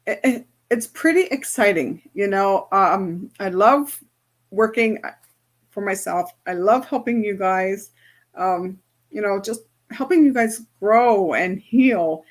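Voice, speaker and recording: A woman's voice: mid-range voice, slow. A woman teaching a group as a spiritual and business coach, in a chatty, casual way that keeps checking in with her listeners. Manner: chatty, often checks in with "right?".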